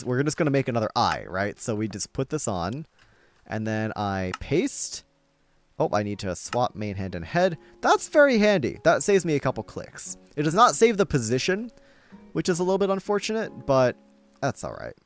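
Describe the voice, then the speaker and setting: A man's voice: mid-range voice, big pitch swings, moderate pace, soft background music. A man casually chatting with his viewers during a live game stream, upbeat and laughing often. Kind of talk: casual live-stream chat while playing.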